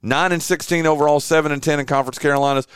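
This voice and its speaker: A middle-aged man hosting a radio show, telling stories with excitement and saying "dude" often. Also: a little high, very fast, clear, resonant tone, no echo, studio quality. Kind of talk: casual radio chat.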